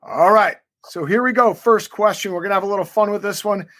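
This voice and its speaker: High-voiced jokey man co-hosting. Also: fairly quick, a bit bright, no room sound, faint music behind. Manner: jokey, rambling, filler-heavy. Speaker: co-host. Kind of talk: lively podcast interview.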